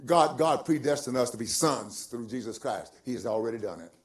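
Older preacher swinging quiet to booming. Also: male voice, lively intonation, fairly quick, a little hiss or hum. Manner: swings from quiet musing to loud, stretched-out emphasis; repeats words for stress, chuckles as he preaches. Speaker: pastor. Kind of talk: sermon.

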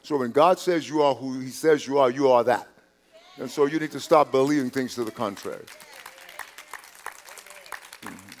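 A male pastor preaching a sermon in a conversational way, repeating and restarting words, dropping to quiet asides and rising on key points. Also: medium pitch. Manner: drops to quiet asides, rises on emphasis.

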